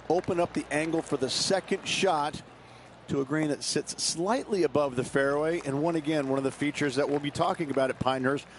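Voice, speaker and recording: A man's voice: mid-range voice, a little hiss or hum. A man giving chatty, easygoing golf color commentary, laughing often as he explains the holes.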